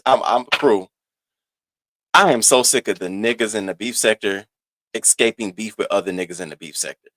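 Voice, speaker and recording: A man hosting a casual gossip commentary, animated and profane, swinging between loud outbursts and low asides. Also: dry recording. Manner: sassy, drawn-out emphasis. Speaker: host of a commentary channel.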